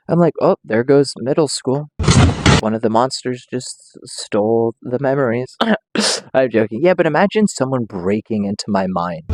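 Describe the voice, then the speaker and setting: A man's voice: lowish voice, no room sound. A young man giving casual, rambling reaction commentary, joking around and swearing freely. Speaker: reaction streamer.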